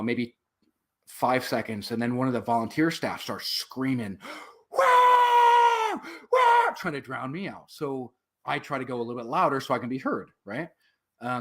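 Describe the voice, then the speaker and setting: A man's voice: mid-range voice, a bit bright. Rambling, profane male interview guest. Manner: rambling, heavy with fillers and swearing. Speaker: interview guest, veteran and activist. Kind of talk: casual storytelling in an interview.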